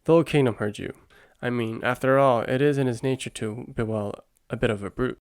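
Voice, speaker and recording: A man's voice: mid-range voice, brisk, no echo, clean studio sound, lightly acted. A man voicing a stiff, disapproving older male king in a whispered role-play. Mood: dismissive.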